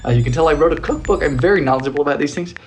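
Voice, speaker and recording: A young man hosting a chatty live cooking stream from his home kitchen, reading viewer comments aloud and thanking them in a playful, animated way. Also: on the high side, rapid-fire, a little hiss or hum. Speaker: cooking livestream host.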